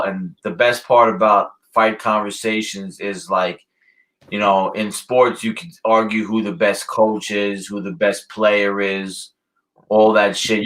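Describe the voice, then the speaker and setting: A man's voice: fairly low pitch, fairly bright tone. A man co-hosting a casual fight talk show, laid-back and swearing casually. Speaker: podcast co-host. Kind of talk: casual chat.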